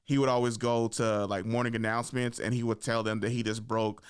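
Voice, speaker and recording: A young man hosting a podcast, telling stories in a casual, animated way, full of slang and swearing. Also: medium pitch, fairly quick, clean tone. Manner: animated, slangy and profane, with frequent "like" and "right?". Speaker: podcast host. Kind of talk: casual storytelling.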